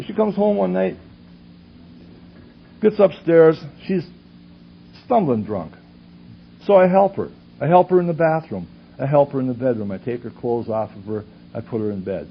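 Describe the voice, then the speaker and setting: A man from Wisconsin telling his personal story at a recovery conference, speaking earnestly and asking rhetorical questions while his voice swings from loud to hushed. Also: fairly high pitch, vocal fry. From Superior, Wisconsin. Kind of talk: personal testimony talk. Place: conference hall with audience. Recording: dull lo-fi tape recording with faint hiss.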